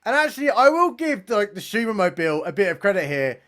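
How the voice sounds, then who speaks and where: A young man giving sarcastic, mocking commentary as he reviews a comedy special, with deadpan asides and casual swearing. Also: high voice, quick pace.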